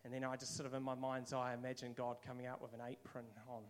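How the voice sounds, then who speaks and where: A man's voice: medium pitch, completely flat delivery, quick pace. A man with a New Zealand accent giving a casual, conversational sermon, now and then acting out quoted voices. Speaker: preacher.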